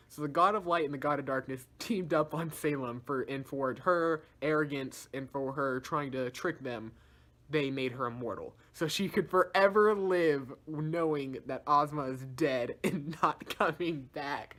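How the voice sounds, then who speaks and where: A young man gives a loose, slangy recap of a story. He chuckles often and keeps the telling lively and informal. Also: fairly high pitch, measured pace. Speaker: video reviewer. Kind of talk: casual plot recap.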